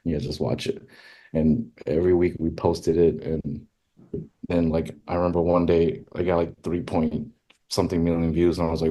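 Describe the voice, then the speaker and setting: Podcast guest, male, very low voice, casual storyteller who jumps into high exclamations. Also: moderate pace. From California. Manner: animated, exclaims in high pitch when quoting himself. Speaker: guest, rodeo filmmaker.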